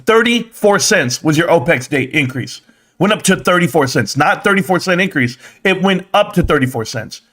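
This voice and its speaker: A man with a notably high voice hosts a live stream and rants about the stock market. He talks in a sarcastic, scolding way, needling his own viewers. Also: expressive, moderate pace, a bit bright. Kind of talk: ranting stock market commentary.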